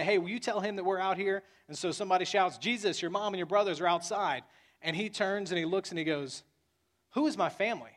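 A man's voice: sits high, a bit bright. A man preaching a sermon as pastor, earnest and building to emphatic peaks.

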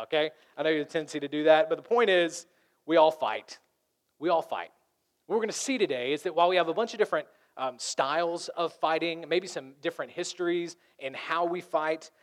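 A man pastor preaching a lively sermon, acting out the voices of arguing people. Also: a little high.

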